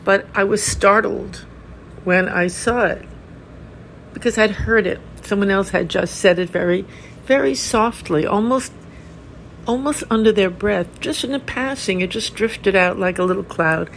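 An older woman, a Zen teacher hosting her own podcast, giving a reflective talk in a gentle, unhurried way with soft laughs. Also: mid-range voice, a little hiss or hum, rough recording.

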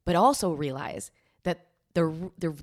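A woman co-hosting a podcast, talking in a reflective, steady, supportive way. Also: lowish voice, a little slow. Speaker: podcast co-host. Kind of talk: candid podcast chat.

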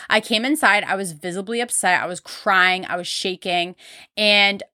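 A woman's voice: mid-range voice, animated, moderate pace, sharp tone, dry recording, clean studio sound. A young woman hosting a podcast, casually telling candid stories with lots of filler words. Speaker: podcast host. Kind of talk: casual storytelling.

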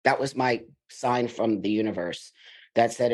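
A man's voice: medium pitch, unhurried. Emphatic middle-aged man telling his story. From United States. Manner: emphatic, blunt, animated in retelling. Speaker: podcast guest. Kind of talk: candid conversational storytelling.

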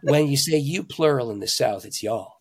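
A man, a pastor and author, telling stories in an interview with animated emphasis, swinging between loud, excited lines and hushed ones. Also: mid-range voice, moderate pace, creaky, breathy edge. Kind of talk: conversational storytelling.

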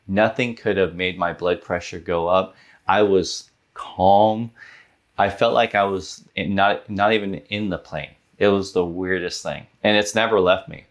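Low voiced guy in his 30s, earnest podcast guest, says like a lot. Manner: earnest, animated storyteller with frequent "like". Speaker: guest, business owner. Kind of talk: storytelling in a podcast interview.

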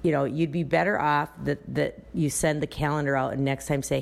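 A woman with a low voice talks through a podcast episode in a relaxed, chatty way. She tells stories from running her dance studio, often restarting her sentences as she goes. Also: brisk, vocal fry. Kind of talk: casual podcast talk.

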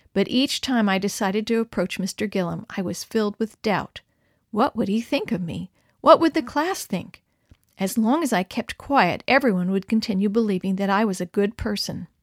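A woman's voice: medium pitch, dry recording. Woman narrating a children's story, dry sound. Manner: expressive, lively reading of dialogue.

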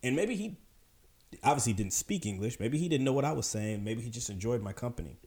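A man telling a story in a casual, animated way, with emphatic delivery and quick voices for the people he quotes. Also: mid-range voice. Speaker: podcast storyteller.

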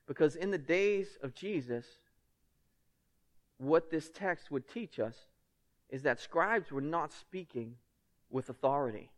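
A man's voice: a little high, lively intonation, slow pace, long pauses. Emphatic preaching pastor, a man. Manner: conversational and emphatic, asks the congregation rhetorical questions. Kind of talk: sermon.

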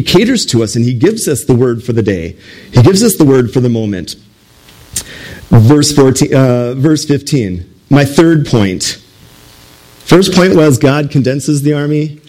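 A man's voice: mid-range voice, expressive, unhurried, darkish tone, poor audio. A man preaching a casual sermon, with rhetorical questions to the congregation and jokes. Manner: conversational, with rhetorical questions and humor.

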